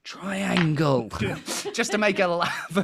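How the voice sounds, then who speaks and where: Chatty self-deprecating British quiz host. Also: male voice, a little high, animated, normal speed, crowd noise. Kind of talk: casual live quiz hosting.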